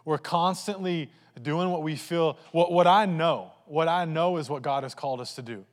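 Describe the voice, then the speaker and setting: A pastor preaching a sermon, telling funny family stories to his congregation in an animated way. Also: fairly high pitch, moderate pace, long reverb tail. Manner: animated, humorous storytelling to a congregation.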